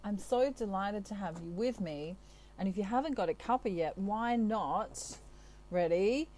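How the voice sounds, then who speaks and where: A woman's voice: mid-range voice, expressive, measured pace, mellow. A woman from Australia, a tarot reader chatting casually to her viewers with a playful, giggly manner. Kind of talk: casual chat to camera.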